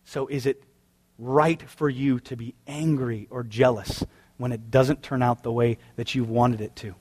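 A man's voice: medium pitch, steady tone, unhurried, a little mellow, husky. A man preaching a sermon as pastor, conversational and wry, firing off rhetorical questions.

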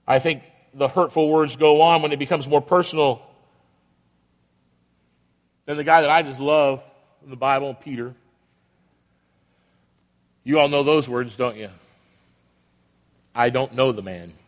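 A man's voice: a little high, fairly even intonation, unhurried, long pauses. A man preaching a sermon as a pastor, asking the congregation rhetorical questions and acting out the voices he quotes. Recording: long reverb of a large hall.

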